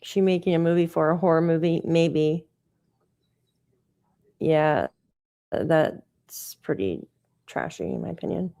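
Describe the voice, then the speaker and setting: Casting: woman, true-crime livestream host, chatty and incredulous, lower voice, dry close sound. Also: slow, pauses often, warm tone, dry recording. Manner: chatty, incredulous, reads updates aloud. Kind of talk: casual livestream commentary.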